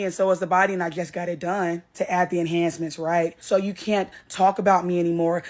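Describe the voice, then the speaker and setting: Brief: young woman creator, brash and blunt, ranting to camera, swears freely, mid-pitched voice. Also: fairly bright tone. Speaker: social media creator. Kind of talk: selfie video rant.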